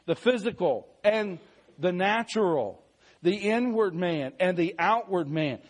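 A man preaching a sermon, reading scripture slowly and deliberately, swelling louder on key phrases and dropping soft. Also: high voice.

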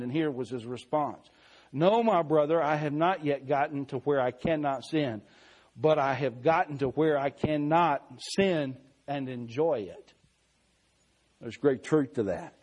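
A man with a somewhat high voice preaches a sermon, reading scripture slowly and deliberately. He swells louder on key phrases and then drops soft.

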